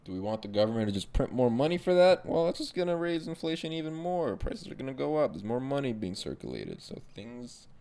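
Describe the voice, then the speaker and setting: A man's voice: mid-range voice, big pitch swings, brisk, gravelly, hardly any pauses, warm tone. A young man hosting a podcast, ranting casually and sarcastically with frequent swearing. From Arab background. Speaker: podcast host. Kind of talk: casual monologue rant.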